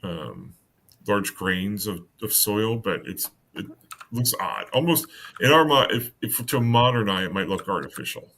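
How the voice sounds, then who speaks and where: A man narrating a tabletop game as game master, halting, with many fillers and restarts. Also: on the low side, sing-song, bright, forceful tone.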